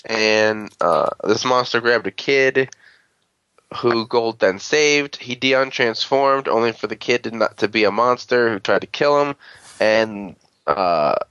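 A man's voice: on the low side, fairly bright tone, clear, resonant tone, no echo, muffled recording. A man on a podcast recapping a show episode in a rambling, crude casual way, full of fillers and quoted lines. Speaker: podcast host.

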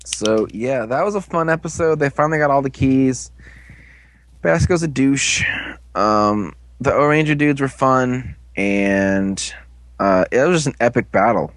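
A man giving an excited, casual recap of an episode, slipping into quick character voices. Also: medium pitch, no room sound. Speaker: fan commentator.

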